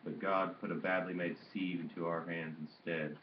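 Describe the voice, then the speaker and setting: Guy reading as a cranky old grandpa, bitter and complaining, deep voice, echoey muffled room. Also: flat delivery, moderate pace, slight background noise, natural voice. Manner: muttering, ranting complaints. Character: bitter old grandfather, angry, self-pitying. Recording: dull roomy home recording.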